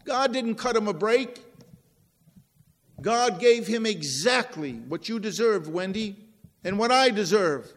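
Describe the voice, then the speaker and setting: A man preaching a sermon, slow and deliberate, swinging from loud stresses to near-whispered drops. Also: high-pitched, lively intonation. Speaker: pastor. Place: church. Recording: long reverb in a large hall.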